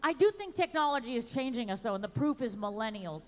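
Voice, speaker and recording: A woman performing a wry, animated stand-up comedy set at an outdoor show. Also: on the high side, fast talker, big-room sound, a little hiss or hum. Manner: wry, animated delivery with sung bits.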